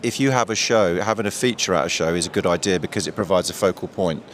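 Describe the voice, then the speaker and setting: A man's voice: low voice, fast, fairly bright tone, a little hiss or hum. A man who presents live events, speaking fluently and with enthusiasm beside a show stage. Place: exhibition stage area.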